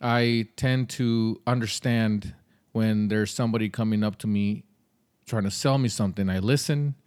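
A man's voice: lowish voice, steady tone, normal speed, a little mellow, clear, resonant tone. Blunt conversational male podcast host. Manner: blunt, conversational, with mild swearing. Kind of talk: casual advice monologue.

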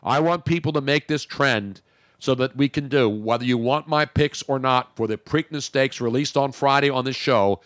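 A man's voice: mid-range voice, normal speed, a bit bright, dry recording, studio quality. A man hosting a talk radio show, bantering in a brash, joking way with crude asides.

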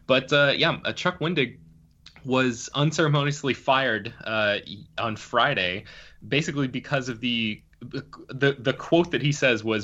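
Bright-voiced man explaining film news. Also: mid-range voice, unhurried, highs cut off. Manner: explains at length, many fillers and restarts. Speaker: senior writer, podcast co-host. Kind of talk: casual podcast chat.

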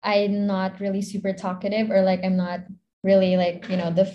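A woman's voice: mid-range voice, level tone, moderate pace, lo-fi sound, slight background noise. A young woman with a Filipino accent, a content creator chatting casually as an interview guest, rambling with lots of fillers and giggles.

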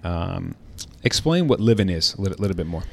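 A man's voice: low voice, very animated, fairly quick, creaky, a little mellow. A man hosting a podcast, upbeat and chatty as he introduces and interviews his guest. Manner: upbeat, friendly, chatty, with frequent fillers. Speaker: podcast host.

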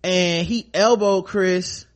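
A man with a high voice hosts a podcast in loose, comedic chat. He is animated and slips into acted-out voices as he tells stories. He also reads news items aloud between the jokes. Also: slow pace. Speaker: podcast host.

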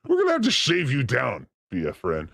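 A man playing a boastful, crude demon character, ranting manically on a live comedy stream with frequent shouted outbursts. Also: mid-range voice, wildly swooping pitch, a little fast, gravelly, breathy edge, no room sound, clean studio sound, voice pushed down, exaggerated voice. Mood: manic.

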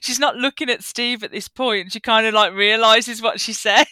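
A woman's voice: fairly high pitch, dry recording. A woman guest co-hosting a podcast, chatting casually and laughing a lot. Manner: laughs often, slow and lively. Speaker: guest co-host. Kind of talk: casual recap chat.

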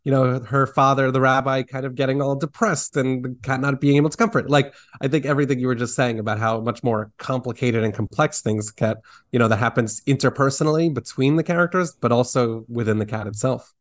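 A man's voice: mid-range voice, fairly even intonation, brisk. A man hosting a podcast, talking casually and thoughtfully about a film, with small restarts as he builds his point. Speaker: podcast host.

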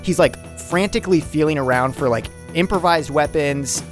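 A man's voice: on the high side, normal speed, faint music behind. A man narrating his character's actions in a tabletop role-playing game, rambling and profane.

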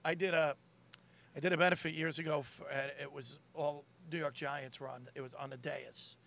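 A man's voice: fairly high pitch, fairly even intonation, moderate pace, vocal fry, a bit bright. A man, a comedian, telling a wry, self-deprecating story in a casual chat at a comedy club.

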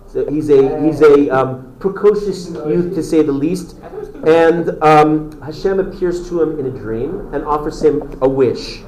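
A man's voice: fairly high pitch, a little slow, darkish tone, roomy sound, poor audio. A man teaching a class, telling stories with enthusiasm and answering student interruptions. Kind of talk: classroom lecture.

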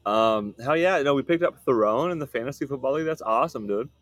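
A man's voice: mid-range voice, expressive, quick pace, no room sound. Laid-back male podcast host. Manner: laid-back, says dude often, laughs a lot. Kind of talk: casual chat.

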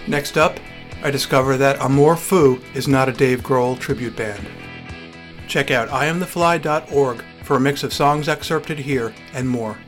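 A man's voice: medium pitch, unhurried, soft background music. A man telling a first-person story with acted dialogue in a dry, wry, articulate way, and hosting his podcast.

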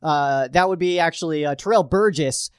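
A man's voice: fairly high pitch, normal speed, clear, resonant tone, dry recording, clean studio sound. A man hosting a casual sports commentary show, talking animatedly and acting out fans' reactions. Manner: animated, acts out fan reactions in quotes.

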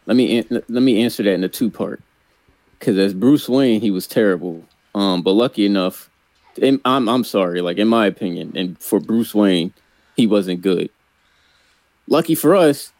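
A man's voice: medium pitch, a little mellow, dry recording. A man co-hosting a podcast in casual movie chat, laid-back and slangy, laughing easily. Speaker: podcast co-host.

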